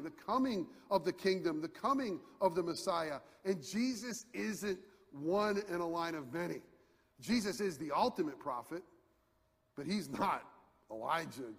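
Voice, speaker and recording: Male pastor, high-pitched, conversational sermon delivery, long reverb of a large room. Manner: animated, conversational, swings from quiet to shouting.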